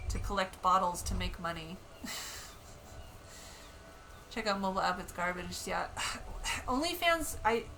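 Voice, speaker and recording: A woman streams a game from home in casual, candid chat, swearing freely and reading in-game text aloud. Her voice is bright and forward, at a middling pitch. Faint noise sits behind her. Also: rough recording.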